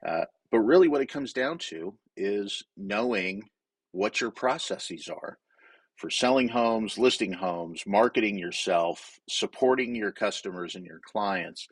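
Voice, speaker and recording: A man's voice: on the low side, animated, a little slow, breathy edge, dry recording. A man from Wyoming, a guest in a casual interview, speaking candidly in a storytelling way with frequent restarts.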